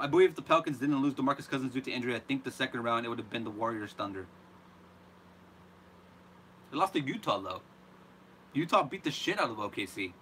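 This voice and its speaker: A man hosting a live reaction show, ranting in an animated, exasperated way. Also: mid-range voice, a little hiss or hum. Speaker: host.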